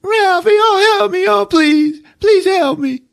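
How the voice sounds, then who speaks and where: A man's voice: very animated, drawn-out words, full character voice. A wailing little boy. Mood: whining. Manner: high wailing squeal. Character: whiny crying little boy, bundled up.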